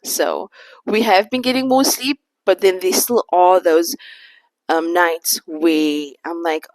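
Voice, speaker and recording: Woman in her thirties, sit-down vlog, candid and reflective, lower voice, dry close mic. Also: fairly even intonation, slow, no echo, poor audio. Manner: candid, reflective, faith-centered. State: a little out of breath. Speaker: vlogger.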